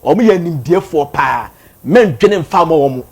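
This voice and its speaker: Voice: mid-range voice, measured pace, husky. A speaker with a Ghanaian accent, commenting animatedly in casual talk and mixing two languages. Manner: animated, switches between Twi and English.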